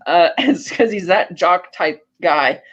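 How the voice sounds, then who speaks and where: A high-pitched man tells a film's story like he's chatting with a friend. He breaks into short character voices along the way. The recording sounds a bit dull and lo-fi. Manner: animated storytelling with quick voiced asides. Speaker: podcast co-host. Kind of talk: casual film recap.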